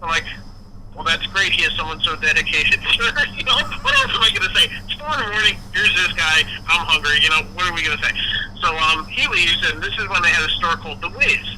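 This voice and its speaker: A man telling a casual story with a fairly high voice. He acts out every quoted line with lively changes in his delivery. His voice comes through a noisy, hissing phone line. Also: fast talker. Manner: animated, acts out quoted dialogue. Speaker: guest musician.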